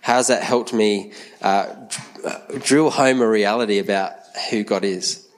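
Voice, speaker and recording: Brief: thirties man, mid-pitched, easygoing children's talk in church, asks the kids questions. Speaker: church leader speaking to a congregation.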